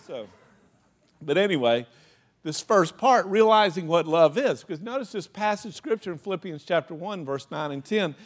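A man's voice: high-pitched, lively intonation, moderate pace. A man preaching a sermon in a conversational way, telling stories from his own life with lots of "you know" and laughing asides. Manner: acts out anecdotes with laughing asides. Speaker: pastor.

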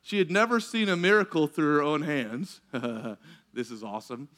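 High-voiced animated male preacher. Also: moderate pace. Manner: animated, laughs often, acts out quotes. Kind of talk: sermon storytelling.

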